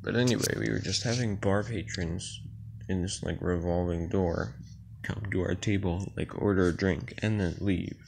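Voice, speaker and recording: Tired, gravelly young man rambling. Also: deep voice, normal speed, noisy background. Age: young adult. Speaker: vlogger. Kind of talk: casual dream retelling.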